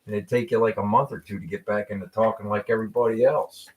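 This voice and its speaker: A middle-aged man from Western Pennsylvania hosts a casual live car show. His voice sits a bit low, and he chats easily, laughs a lot and restarts his sentences. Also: fast talker. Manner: relaxed, laughs often, repeats words when starting. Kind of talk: casual chat.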